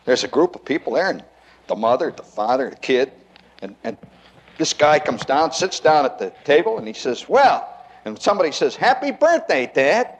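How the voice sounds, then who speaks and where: A medium-pitched man speaks fairly quickly through a stand-up comedy set. His storytelling is animated, punctuated by frequent laughter and rhetorical questions aimed at the audience.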